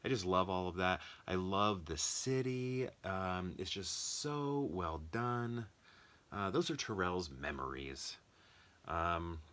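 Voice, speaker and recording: Deep-voiced, bright American man rambling. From United States. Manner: chatty, thinks aloud with many ums and restarts. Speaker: movie collector vlogger. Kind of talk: casual rambling commentary.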